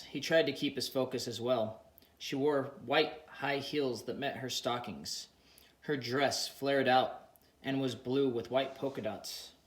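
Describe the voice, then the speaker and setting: A man narrating an audiobook in a plain, unhurried reading voice. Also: mid-range voice, echoey room.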